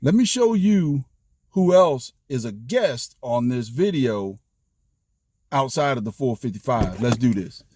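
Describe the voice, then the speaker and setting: Folksy, excitable man at the range. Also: medium pitch, measured pace, no echo. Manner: excitable, hollers when shots land; folksy, talks to viewers as folks. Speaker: shooting channel host. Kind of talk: casual vlog talk to camera. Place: outdoor shooting range.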